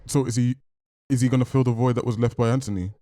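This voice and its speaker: A man hosting a film reaction, talking casually with joking asides and quick exclamations. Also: medium pitch, steady tone, dark tone. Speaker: movie reaction host.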